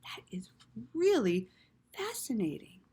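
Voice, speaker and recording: A woman reading a story aloud to children in an animated way, with gasps and quiet asides. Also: fairly high pitch, a little slow, slightly rough.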